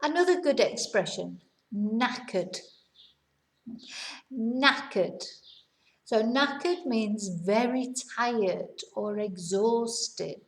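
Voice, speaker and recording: A woman teaching slang as a language teacher, speaking slowly and deliberately and repeating each example twice. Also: on the high side, animated, roomy sound. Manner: explains in simple words, mixes in Spanish. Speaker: English teacher. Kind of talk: language lesson.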